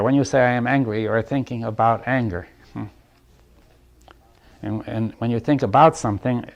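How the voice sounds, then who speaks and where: Man, reflective group talk, mid-pitched, halting phrases, frequent "right?". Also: creaky. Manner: thoughtful, halting, often asks "right?"; chuckles lightly between points. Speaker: speaker leading a group dialogue.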